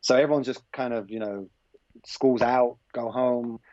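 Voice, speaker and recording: A man in his thirties with an English accent, a podcast guest telling a story in a relaxed, rambling way and acting out the dialogue. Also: mid-range voice, measured pace, no echo, dull audio. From England. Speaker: podcast guest, former basketball player. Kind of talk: casual anecdotal storytelling.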